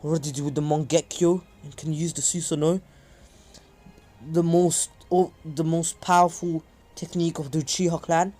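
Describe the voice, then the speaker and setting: Guy reading a cocky rival boy ninja, flat and low-key. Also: moderate pace, faint music behind, close to an everyday voice. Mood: suspicious.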